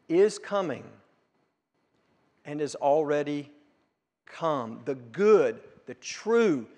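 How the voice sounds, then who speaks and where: A man preaching a sermon, piling up emphatic repeated phrases that build to forceful peaks. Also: sits high. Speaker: pastor. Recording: long reverb of a large room.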